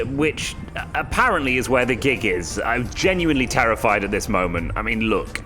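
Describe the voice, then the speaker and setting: A young British man narrating his trip with dry, sarcastic asides. His pitch moves a lot from phrase to phrase, and faint music plays behind him. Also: big pitch swings, normal speed. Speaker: vlogger. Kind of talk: wry travel vlog commentary.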